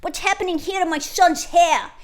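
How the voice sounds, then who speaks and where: A loud, blustering middle-aged father voiced by a woman yells in a put-on Brooklyn accent. He stays indignant and outraged, a comic sketch character thrown into a commentary video. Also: extremely high pitch, moderate pace, voice pushed up.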